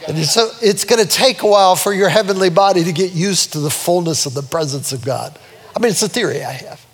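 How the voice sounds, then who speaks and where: A man's voice: brisk, slightly rough. An older man preaching a sermon from the pulpit, telling a family story and then building to fervent, soaring scripture reading. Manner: storytelling, rising to fervent high-pitched preaching. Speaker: pastor. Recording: long reverb of a large hall.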